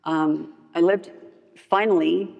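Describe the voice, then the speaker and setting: A woman's voice: slow pace, vocal fry, lo-fi sound. A woman sharing her recovery story at a meeting, casual and candid, with lots of "like" fillers and playful acted-out dialogue. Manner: animated storyteller who acts out others' lines in a higher voice; frequent "like" fillers, candid and humorous. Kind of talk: personal testimony at a recovery meeting. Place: large meeting hall with long reverb. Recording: reverberant hall recording.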